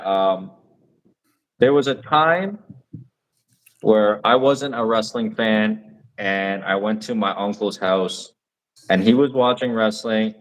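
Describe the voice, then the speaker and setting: A young man co-hosting a podcast in casual chat, talking eagerly with lots of fillers. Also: lowish voice. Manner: enthusiastic, rambling with fillers. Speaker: podcast co-host.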